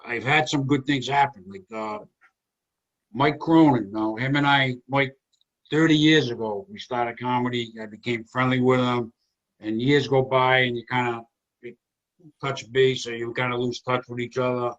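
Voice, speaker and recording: With the highs cut off, a steady, mid-range male voice comes through at a moderate pace. He is an Italian-American comedy show host in his sixties, hosting a video-call chat and rambling fondly through his memories.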